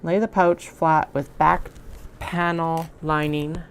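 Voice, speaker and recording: A woman with a low voice and a gravelly fry narrates her sewing in a relaxed, chatty way. She murmurs to herself between steps. A faint hiss sits behind her. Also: takes it slowly. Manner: chatty, self-talking while working. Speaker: crafter sewing on stream. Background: sewing machine running.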